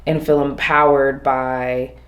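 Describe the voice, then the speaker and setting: A woman vlogging alone, talking through her day in a rambling, reflective way, often restarting and slowing down on her main points. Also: extremely low pitch, little pitch movement. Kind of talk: casual reflective monologue.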